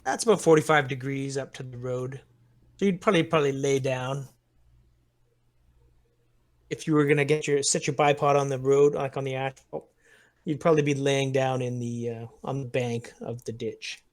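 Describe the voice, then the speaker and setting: A man with a mid-range, steady voice speaks at normal speed while game-mastering a tabletop war game. He describes the scene step by step, chuckling often between lines.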